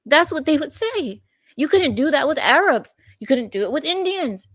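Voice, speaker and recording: A woman talks straight into a close, dry mic, reacting to a clip with strong opinions. Her voice sits a bit high, and she hammers her points home with repetition and indignation. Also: very animated, normal speed, dry recording. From not from the U.S. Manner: indignant, emphatic, repeats phrases.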